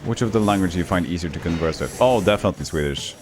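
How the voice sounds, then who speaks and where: Norwegian man, game streamer, lively pitch, lowish voice, jokey casual chat, faint music behind. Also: rapid-fire. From Norway. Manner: chatty, jokey, reads chat aloud. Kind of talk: casual live-stream commentary.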